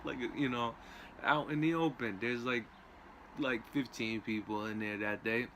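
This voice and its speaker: A man's voice: mid-range voice, steady tone, unhurried, sharp tone, a little hiss or hum. Streetwise young man. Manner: loose, streetwise, peppered with "man" and "you know". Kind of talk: casual storytelling.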